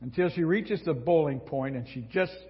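A man's voice: fairly high pitch, moderate pace, husky. A male pastor delivers a folksy, humorous sermon, recorded in an echoey hall with dull lo-fi sound. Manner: folksy, humorous preaching with props.

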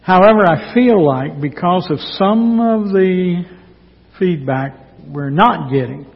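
A fairly high-voiced man preaching in a church sanctuary, folksy and earnest, slowing down to lean on key points. His voice is a little husky. The recording is dull and lo-fi, with a long reverb from the hall around him. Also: expressive. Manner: folksy, earnest, slow emphatic delivery. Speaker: pastor. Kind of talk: team-preached sermon.

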